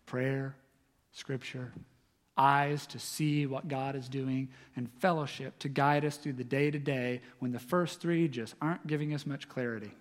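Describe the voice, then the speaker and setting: A man's voice: mid-range voice, steady tone, unhurried, in a large hall. A man preaching as pastor in a church, earnest and encouraging. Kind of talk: sermon.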